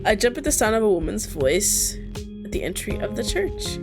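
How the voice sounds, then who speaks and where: A woman's voice: mid-range voice, sing-song, normal speed, over music. A woman playing a dating sim, reading the lines aloud and adding snarky asides. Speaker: gaming video host.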